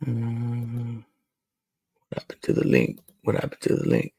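A man's voice: medium pitch, very animated, fast talker, creaky, warm tone, dry recording. A man hosting a casual livestream while he builds, chatting loosely with viewers and a guest. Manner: laid-back, chatty, talks to viewers. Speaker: livestream host.

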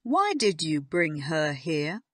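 A woman's voice: low-pitched, sing-song, takes it slowly, fairly bright tone, no echo, clean studio sound, full character voice. A woman voicing a stern, cold headmistress in an audiobook, speaking in a commanding, scolding tone. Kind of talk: audiobook character reading.

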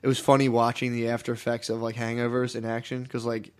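Fast-talking man telling crude stories. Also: medium pitch, monotone, darkish tone, clear, resonant tone. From Philadelphia area. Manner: rambling storyteller, swears a lot, laughs often. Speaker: podcast co-host. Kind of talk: casual comedic chat.

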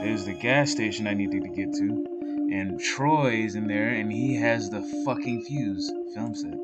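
A man casually commenting on a game he plays, reading its text aloud and swearing now and then. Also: on the low side. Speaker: gamer. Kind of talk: let's play commentary. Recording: voice over game music.

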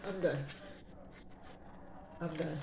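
A woman's voice: sits low, steady tone, very slow, mellow, a little hiss or hum. Sassy young woman chatting in an echoey room. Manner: sassy, conversational, slangy. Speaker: vlogger. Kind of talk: casual chat to camera.

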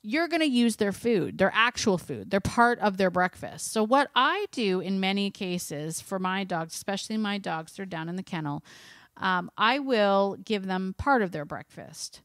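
A woman's voice: medium pitch, normal speed, no echo. Chatty woman dog trainer, dry sound. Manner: chatty and lively, laughs often. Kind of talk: casual instructional talk.

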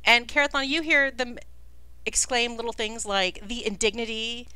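A woman narrating a tabletop game as dungeon master in a lively, playful way. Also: on the high side, normal speed, clean tone, no room sound.

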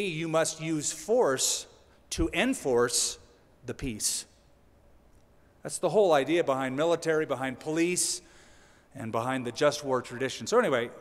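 A man's voice: fairly high pitch, long reverb tail. A male pastor preaching a sermon in a conversational way, with dry humorous asides.

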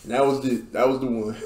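A man's voice: medium pitch, reverberant. A man reacting to comedy skits, laughing hard and swearing in casual slang. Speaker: reaction video host.

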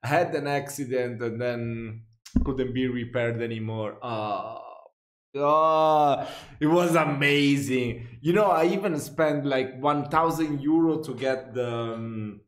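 A man's voice: mid-range voice, takes it slowly. Laughing Italian man in a roomy space. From Italy. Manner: laughs often, excitable. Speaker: video reactor. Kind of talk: casual reaction commentary. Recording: roomy echo.

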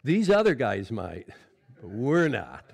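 A middle-aged man preaching a sermon as pastor, folksy and conversational, swinging from loud exclamations to quiet asides and often calling out "Amen?". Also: mid-range voice, wildly swooping pitch, slow pace, vocal fry, husky. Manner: folksy preaching with frequent "Amen?" call-outs.

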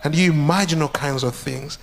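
A man giving a grave, hushed divine voice. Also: gravelly. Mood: stern. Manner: low, slow and grave, dropping to a whisper. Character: stern divine voice, hushed and commanding.

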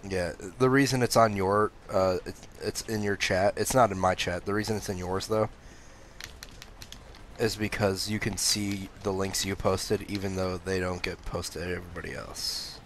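A young man with a low, level, fairly bright voice streams a game at a moderate pace, with a little hiss or hum behind him. Laid-back and sleepy, with some phlegm in his throat, he swears freely while answering his chat.

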